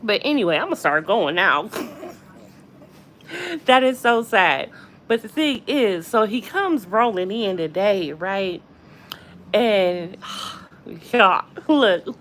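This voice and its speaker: A woman hosting a casual gossip livestream from a hospital room, chatty and animated, often addressing her viewers directly. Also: mid-range voice, a little slow, a little hiss or hum. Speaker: gossip channel host.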